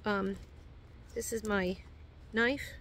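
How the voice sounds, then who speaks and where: Speaking extremely slowly, a New York woman walks viewers through her hiking gear, chatty and rambling with plenty of fillers. She's a hiking vlogger with a medium-pitched, steady, slightly bright voice, and there's a faint hiss or hum in the background.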